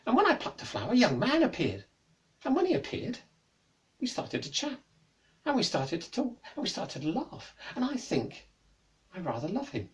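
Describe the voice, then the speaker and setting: Storyteller doing an eager young girl: high, excited, breathless, lively, heard from a distance. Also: moderate pace, long pauses.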